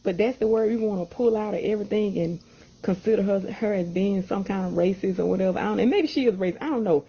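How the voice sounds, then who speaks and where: A woman's voice: mid-range voice, quick pace, mellow, breathy edge. A woman scolding in a casual video rant, exasperated and blunt. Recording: dull lo-fi audio.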